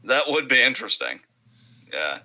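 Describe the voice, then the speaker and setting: A man's voice: medium pitch, very animated, normal speed, gravelly, sharp tone, slight background noise, low-quality recording. A young man co-hosting a casual wrestling chat, talking hesitantly with lots of fillers and some swearing. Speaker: co-host.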